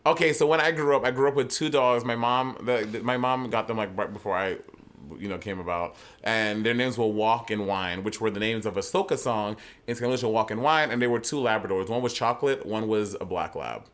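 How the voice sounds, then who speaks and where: A man's voice: on the low side, brisk, a bit bright. A man from Saint Lucia co-hosting a podcast, chatting casually, rambling through stories and laughing readily. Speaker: podcast co-host. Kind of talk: casual chat.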